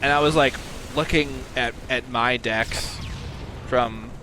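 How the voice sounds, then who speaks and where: A man's voice: mid-range voice, steady tone, slow. A young man in casual chat while gaming, rambling with lots of fillers and restarts. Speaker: podcast co-host and gamer. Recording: game sound noise behind. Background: video game gunfire.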